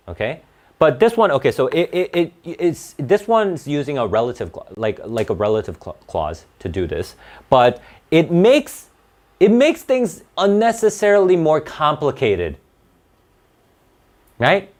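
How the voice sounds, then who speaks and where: A man's voice: mid-range voice, very animated, normal speed. A man teaching a grammar lesson to a class, restarting words often and checking in with "right?".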